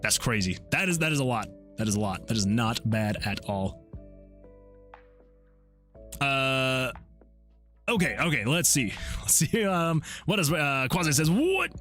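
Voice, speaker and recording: A man's voice: medium pitch, lively intonation, a little slow, long pauses, fairly bright tone, faint music behind. A man, an indie game developer, chatting casually on a livestream into a desk microphone, reading chat messages aloud and chuckling often. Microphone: desktop USB microphone.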